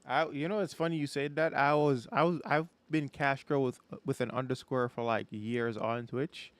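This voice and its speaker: A man hosting a podcast, relaxed and chatty in casual talk. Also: medium pitch, normal speed, no echo. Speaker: podcast host. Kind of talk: casual chat.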